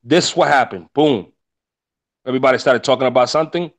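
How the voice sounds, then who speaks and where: A man's voice: medium pitch, a little fast. A man talking casually on a discussion panel, giving emphatic, preachy life advice and swearing freely. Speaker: panel speaker, rideshare driver. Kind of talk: casual motivational talk.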